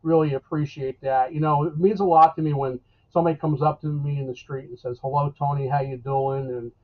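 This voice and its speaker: A man's voice: a little high, steady tone, brisk. New weatherman on a tinny line. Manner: rambling, folksy, with many fillers and restarts. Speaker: local weather forecaster. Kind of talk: casual live interview.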